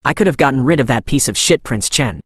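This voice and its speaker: A man's voice: mid-range voice, expressive, quick pace, fairly bright tone, husky, no room sound. A man narrating a haughty young prince from a storybook-style recap, spoiled and cruel. He rants and sneers at the people around him in a mid-range voice. The sound is dry and close. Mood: enraged. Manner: ranting, then begging. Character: arrogant young male prince, cruel, panicky.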